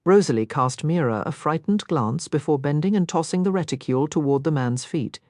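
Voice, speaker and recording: A woman narrating an audiobook in a scripted, expressive reading on a close mic. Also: sits low, fairly quick, no echo.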